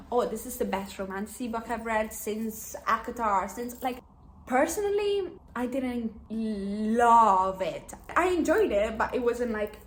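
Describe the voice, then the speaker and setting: A woman's voice: fairly high pitch, a bit bright. Chatty young woman in an echoey room. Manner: chatty and rambling, many "like" fillers, laughs often. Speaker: book vlogger. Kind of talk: casual chat.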